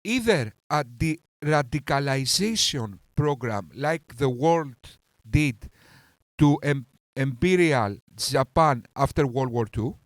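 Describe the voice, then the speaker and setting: A man hosting a reaction commentary, talking with heated scorn and insults and swinging between outbursts and calmer stretches. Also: fairly high pitch, dry recording. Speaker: commentary channel host.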